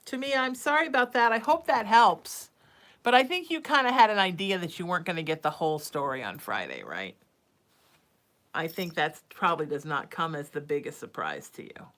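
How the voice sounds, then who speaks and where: A woman's voice: lowish voice, very animated, a little fast, a bit bright. A woman psychic hosting a casual live stream, reading out viewer names and cooing at her cat between readings. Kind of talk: casual livestream chat.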